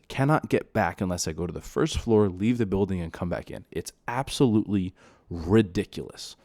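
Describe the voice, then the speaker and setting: A man with a deep, dark voice delivers a solo podcast rant. He sounds exasperated, circles back over the same points, and pushes louder as he gets heated. The sound is close and dry, with no room echo. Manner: exasperated, repeats himself, grows louder when heated. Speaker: podcast host. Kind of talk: solo ranting monologue.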